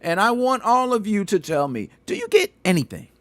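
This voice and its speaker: A man hosting a casual gaming podcast, talking in animated, slangy banter and laughing often. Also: high voice, a little fast, dry recording. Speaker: podcast host.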